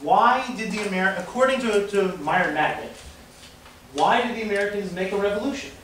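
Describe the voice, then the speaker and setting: Male teacher, animated pitch, playful questioning, echoey classroom from far off, chatter behind. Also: a little fast, slight background noise. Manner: playful, coaxing questions to students. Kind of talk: classroom lecture and discussion. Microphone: far camera.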